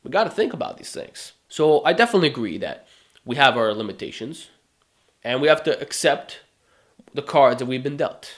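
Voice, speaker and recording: A man's voice: mid-range voice, very animated, moderate pace. A man giving a motivational fitness monologue to camera, emphatic and full of rhetorical questions. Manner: emphatic, rhetorical questions, mocking put-on whines. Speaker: fitness YouTuber.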